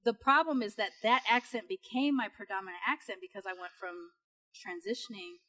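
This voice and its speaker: A woman in her thirties with a Long Beach accent, co-hosting a podcast in animated casual chat, with frequent "like" fillers. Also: medium pitch, brisk. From Long Beach, California. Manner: animated storyteller, many "like" fillers. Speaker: podcast co-host.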